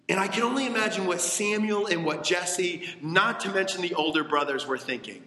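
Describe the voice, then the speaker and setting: A man preaching a sermon, telling a story with animated voices, in a church with echoey hall reverb. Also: high voice, a little fast, hardly any pauses. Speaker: pastor.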